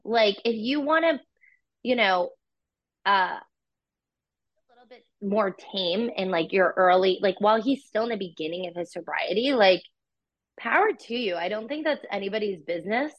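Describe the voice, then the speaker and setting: A woman co-hosts a casual podcast, chatting playfully and filling her talk with likes and ums. Her voice sits at an ordinary pitch. The recording is a bit dull and lo-fi. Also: animated, moderate pace. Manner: chatty, playful, lots of fillers. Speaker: podcast co-host. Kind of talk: casual chat.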